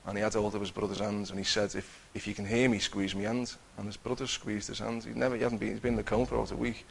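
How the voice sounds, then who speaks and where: A man's voice: fairly low pitch, level tone, fast talker, gravelly, slight background noise. A man giving an earnest personal testimony, telling his story with many restarts. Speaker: testifying believer.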